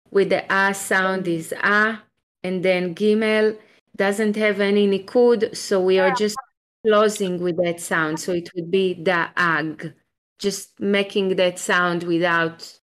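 Over a video call, an Israeli woman teaches a live online Hebrew class, patiently and encouragingly sounding out each letter step by step. Her voice is medium-pitched with a fairly bright tone.

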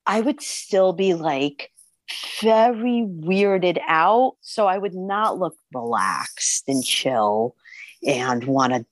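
A woman's voice: lowish voice, expressive, slow, no room sound. A woman co-hosting a podcast in casual chat, chiming in with wry, dry jokes. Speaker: podcast co-host.

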